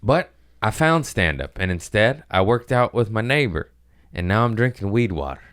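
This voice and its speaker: A deep-voiced man rambles through a casual podcast monologue, peppered with profanity and self-mockery. His voice is smooth and resonant. The sound is dry and close, with no room around it. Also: sing-song, a bit bright, dry recording. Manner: profane, self-mocking, drifts between quick asides and mumbled lines. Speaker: podcast host.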